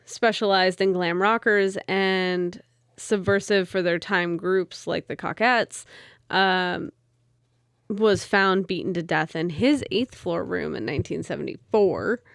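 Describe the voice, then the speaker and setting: A woman's voice: medium pitch, slow pace, vocal fry, clear, resonant tone, no room sound, studio quality. Woman co-host telling a story. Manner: narrates from notes with many ums, laughs easily. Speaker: podcast co-host. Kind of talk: casual chat, storytelling.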